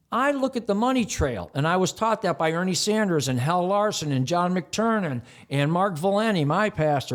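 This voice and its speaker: Emphatic man with a raised voice. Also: sits high. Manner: emphatic, rattles off long lists; mocking rhetorical outbursts. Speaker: community television producer and host. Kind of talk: interview answers.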